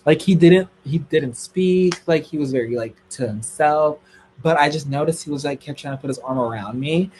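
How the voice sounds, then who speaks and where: A man's voice: moderate pace, slight background noise. Gossipy young man telling a dramatic story. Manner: dramatic, gossipy, swings to squealing highs when excited. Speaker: streamer. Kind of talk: casual storytelling to a live audience.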